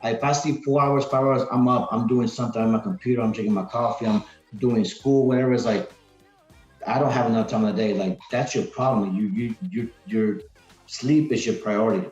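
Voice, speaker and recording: This podcast guest has a lowish, steady, slightly mellow voice and speaks fairly quickly, chatting with casual energy and peppering his rambling with "like" and "man." The lo-fi recording is roomy and dull, with faint music in the background.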